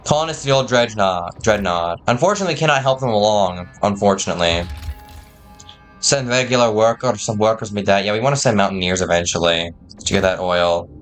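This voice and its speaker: Male gamer, casual commentary, mid-pitched, chatty and quick with asides. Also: lively intonation, a bit bright, soft background music.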